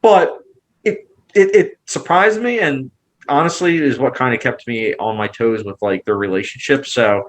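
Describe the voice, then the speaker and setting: A man hosting a podcast, chatting casually about a TV series in a relaxed, agreeable way, with frequent "like". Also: medium pitch, normal speed. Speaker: podcast host. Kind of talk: casual TV discussion.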